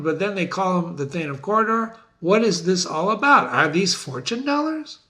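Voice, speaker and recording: Animated, unhurried literature teacher, male. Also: fairly high pitch. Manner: questions the listener and rephrases quotes in plain words. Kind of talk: lecture on a play.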